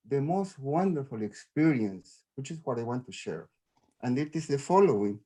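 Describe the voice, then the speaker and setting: A middle-aged man talking over a video call, sharing something in a halting, heartfelt way with many restarts. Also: on the high side, mellow. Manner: halting, restarts often, grateful and moved. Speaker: audience member sharing in a Q&A. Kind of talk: emotional spontaneous sharing.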